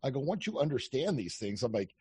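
A man chatting casually as a podcast guest, telling animated stories, acting out quoted lines and swearing freely. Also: medium pitch, brisk, slightly rough. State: on day four of a fast. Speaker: podcast guest, dating coach. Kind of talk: casual chat.

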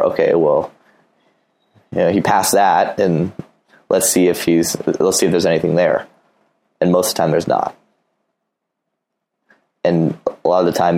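Gravelly deep-voiced man giving blunt advice. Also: a little mellow, poor audio. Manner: blunt, profane, acts out dialogues. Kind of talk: casual advice talk.

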